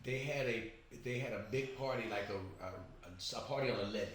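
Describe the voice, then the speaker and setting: A man hosting a casual chat, telling stories in an animated way. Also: lowish voice, fairly quick. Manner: animated storyteller. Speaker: host. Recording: echoey room with background noise.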